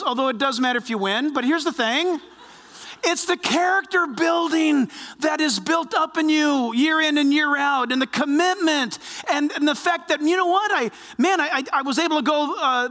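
A male pastor delivering an animated sermon, his voice very high-pitched and bright. He slips into quoted voices to act out the people he describes. The sound carries a long reverb from a church hall.

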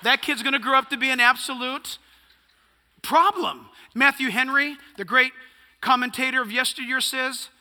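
A man's voice: extremely high pitch, normal speed, pushed and bright, in a large hall. A male pastor preaching a sermon, emphatic and punchy, firing off rhetorical questions.

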